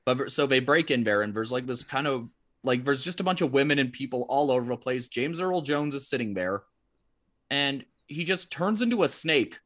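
A man's voice: medium pitch, animated, a little fast, fairly bright tone. A man co-hosting a podcast, retelling a film in casual chat with a rambling, storytelling manner. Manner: rambling storyteller, many fillers and restarts. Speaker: podcast co-host.

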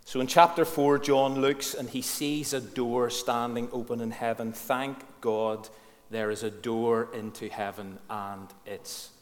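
A man delivers a sermon in a church hall, where his voice trails off in a long echo. His pitch sits in the middle for a man. He talks with earnest frankness, poses questions to his listeners and stresses the words that matter. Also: little pitch movement. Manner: earnest, frank, asks the congregation questions and pauses on key words. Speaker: preacher.

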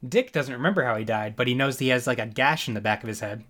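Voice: mid-range voice, fast, a bit bright. A podcast co-host in casual chat, retelling scenes from a show and laughing often.

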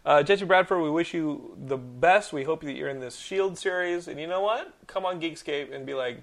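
A man in his thirties hosting a podcast, telling stories in casual chat with lots of swearing and animated outbursts. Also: fairly high pitch, moderate pace, vocal fry, few pauses. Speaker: podcast host.

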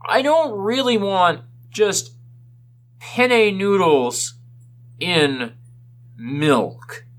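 A man's voice: sits high, lively intonation, extremely slow. A man co-hosting a casual podcast, ranting with exaggerated complaints. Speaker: podcast co-host.

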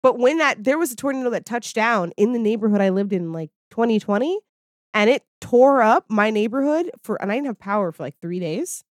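Animated woman chatting, lively pitch. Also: brisk, no room sound, clean studio sound. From Maryland, USA. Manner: animated storyteller, laughs often, acts out quotes. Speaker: podcast co-host. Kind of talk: casual chat. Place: home.

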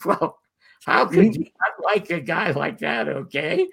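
An older man telling animated stories as a guest, quoting the people in them. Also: on the high side, measured pace, creaky, husky. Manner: animated storyteller quoting others. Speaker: guest storyteller. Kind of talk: casual interview anecdotes.

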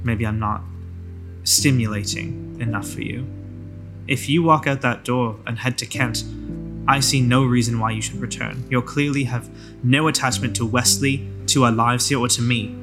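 A man's voice: medium pitch, steady tone, normal speed, music in the background, close to an everyday voice. A man voicing a stern, wounded husband who speaks theatrically and bitterly in a tabletop role-play.

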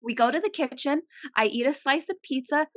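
A young woman co-hosting a podcast, telling a casual story and acting out quotes with big jumps in pitch. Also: a little fast, no echo. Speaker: podcast co-host.

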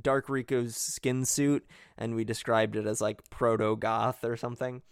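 A man's voice: mid-range voice, flat delivery, a little slow, clear, resonant tone, no room sound, studio quality. A man co-hosting a casual podcast chat about a video game, hesitant and often restarting, laughing easily. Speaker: podcast co-host.

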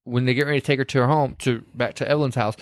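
A man from the Southern US co-hosts a podcast and recaps a movie in a casual, storytelling way. He talks very fast in a mid-range voice with no echo, animated and slipping into quoted voices.

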